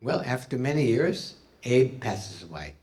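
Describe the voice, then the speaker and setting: A man's voice: medium pitch, big pitch swings, measured pace. A man doing stand-up comedy for a live audience, punning and playful, taking questions. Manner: punning, playful, loud jokey delivery. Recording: roomy hall, mic at a distance.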